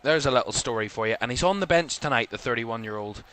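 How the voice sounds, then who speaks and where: Bright-voiced Northern Irish man. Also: mid-range voice, lively intonation, fast talker. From Belfast. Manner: rambling with frequent fillers. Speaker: host. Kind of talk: live watchalong commentary.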